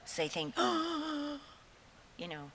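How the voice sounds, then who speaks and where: A woman's voice: high-pitched, big pitch swings, very slow, gravelly, a bit bright. A woman in her seventies telling rambling stories to a concert audience. She laughs often and swears freely. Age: 70s. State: nervous before going on. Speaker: singer addressing a concert audience. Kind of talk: rambling onstage storytelling. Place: large concert hall with an audience. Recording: echoey hall with faint hiss.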